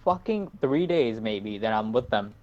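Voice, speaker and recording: A man's voice: on the low side, lively intonation, measured pace, dull audio. A teenage man, co-hosting a casual podcast, blunt and joking with lots of swearing. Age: teens. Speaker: podcast co-host. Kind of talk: casual chat.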